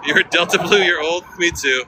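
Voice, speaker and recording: Man vlogger, playful chat on a phone stream, slightly high voice, outdoor noise and traffic behind. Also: normal speed. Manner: joking, chatty, breaks into off-key singing. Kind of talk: live-stream walking chat with viewers.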